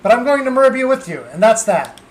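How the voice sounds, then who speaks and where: A man's voice: very high-pitched, very animated, quick pace, pitched above the performer's own voice. A man reading a stubborn, caring young woman's lines in a game, firm and earnest. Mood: determined.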